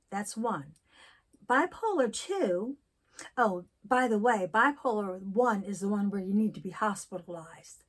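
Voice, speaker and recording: A woman in her sixties talking candidly in a personal vlog, telling stories and reflecting slowly. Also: mid-range voice. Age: 60s. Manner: candid storytelling, slow and reflective. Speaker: vlogger.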